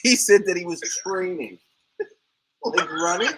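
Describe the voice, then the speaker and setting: A man hosting a casual chat, telling a story with lots of energy, laughing often and voicing the people in it loudly. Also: sits high, a little slow, background noise. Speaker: sea moss farmer and podcast host.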